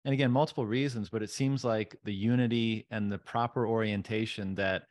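Low-voiced man, measured and thoughtful. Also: fairly even intonation, darkish tone. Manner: measured and thoughtful, hedges his points. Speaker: podcast guest. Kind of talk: casual podcast chat.

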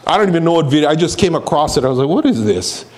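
A man's voice: on the high side, rapid-fire, darkish tone. A male preacher giving an emphatic, storytelling sermon.

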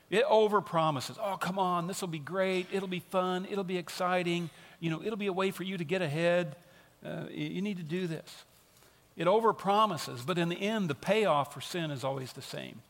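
A man's voice: fairly high pitch, gravelly, a bit bright. A man preaching a sermon as pastor, earnest and emphatic, repeating key phrases for stress. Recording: long reverb of a large hall.

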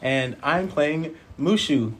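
Very slow, sing-song young man. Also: on the high side, expressive, a little hiss or hum. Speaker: player. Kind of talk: casual chat.

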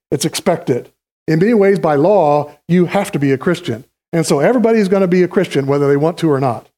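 A man's voice: fairly high pitch, a little mellow. A male pastor giving a conversational, teaching sermon from a church stage, calling volunteers up to act out a history lesson.

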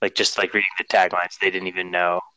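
A man with a low but bright, forward voice rambles through a casual chat. He piles on fillers and breaks into giggles. The recording is dry and close. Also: flat delivery, fast talker, no room sound, poor audio.

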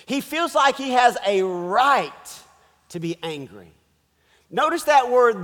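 A man's voice: high voice, lively intonation, measured pace, fairly bright tone, in a large hall. A pastor preaching a sermon, emphatic and calling out to his congregation, repeating key words for effect.

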